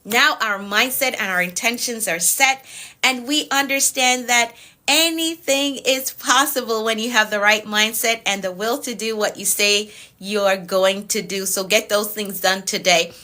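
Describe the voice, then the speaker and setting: Bright Jamaican woman coach. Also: medium pitch, unhurried. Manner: repeats phrases for emphasis, chats with viewers by name; recites declarations in a steady repeated pattern. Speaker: productivity coach. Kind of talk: live-stream motivational talk with spoken decrees.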